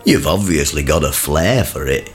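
An actor playing a blunt, grumpy working-class father in a radio comedy, gruff and scoffingly sarcastic. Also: very deep voice, lively intonation, normal speed, soft background music. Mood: grumbling.

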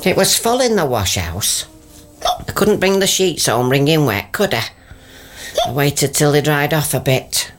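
A woman's voice: low voice, lively intonation, unhurried, faint music behind. An actress playing a practical, harried mother in a radio comedy, heard from off-mic. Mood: brisk. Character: harried northern mum back from the wash house. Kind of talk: radio comedy drama acting.

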